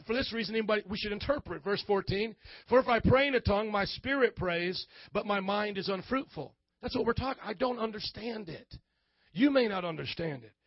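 High-voiced playful man preaching a sermon. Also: dry recording, highs cut off. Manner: lively, playful preaching with frequent amens. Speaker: pastor.

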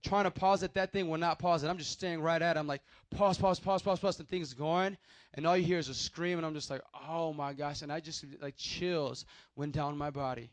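A man who is a pastor, telling a personal testimony as a sermon in an animated storytelling way and calling out to his listeners. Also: on the high side, a little fast, no room sound. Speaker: youth pastor.

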